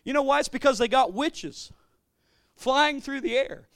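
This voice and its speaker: Male pastor, high voice, excitable sermon delivery with stammering restarts, dry close sound. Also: a little slow, clean tone, no echo. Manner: animated, swings between loud declarations and quiet storytelling, stammering restarts.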